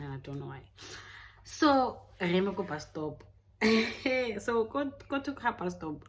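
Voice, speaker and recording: A woman's voice: lowish voice, animated, slow pace, slight background noise. A young South African woman telling a personal story in a candid, casual way, laughing often. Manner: candid, mixing in Setswana phrases, laughing often. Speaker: YouTuber.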